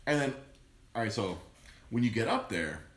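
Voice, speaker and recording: A man co-hosting a podcast, telling a long story in a loose, animated way, swearing constantly and acting out the people he quotes. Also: medium pitch, moderate pace, roomy sound. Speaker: podcast co-host. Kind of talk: casual profane storytelling. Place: podcast studio in a comic shop.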